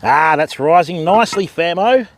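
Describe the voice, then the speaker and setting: A laid-back Australian man talks easily to his livestream viewers from an outdoor campsite. His voice sits a little high and moves up and down freely as he banters. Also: expressive, moderate pace, slight background noise. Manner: easygoing, chatty, laid-back Aussie banter. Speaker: fishing livestream host. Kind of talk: casual live chat with viewers.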